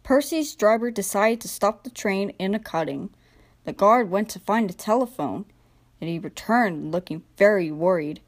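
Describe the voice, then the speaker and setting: A young woman narrating a children's train storybook in a gentle, expressive read-aloud manner. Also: mid-range voice, normal speed. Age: young adult. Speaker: storybook reader.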